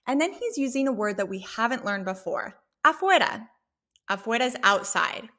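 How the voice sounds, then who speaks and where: Woman teaching spanish, bright high-ish voice, patient and clear. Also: very animated. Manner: clear, patient, slow when modeling Spanish phrases. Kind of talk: language lesson, explaining dialogue.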